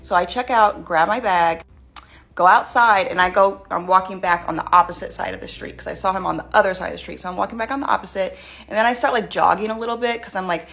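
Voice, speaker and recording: A woman's voice: mid-range voice, creaky, fairly bright tone, muffled recording. Shaken woman telling a scary story. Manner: tense, rushed retelling full of "like". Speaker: vlogger. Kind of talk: storytime vlog.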